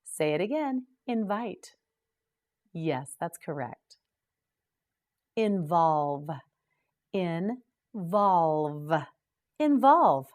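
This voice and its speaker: A woman hosting a scripted English vocabulary lesson, slowly and clearly drilling each word for learners to repeat. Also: on the low side, animated, darkish tone. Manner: slow, clear drilling of words. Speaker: English teacher and host.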